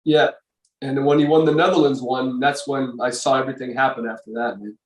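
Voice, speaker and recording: A man's voice: mid-range voice, fairly even intonation, fairly quick, reverberant, recorded from a distance, rough recording. An older man, a former bodybuilder, telling a long story as a podcast guest, rambling with many fillers and restarts. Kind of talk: casual storytelling interview.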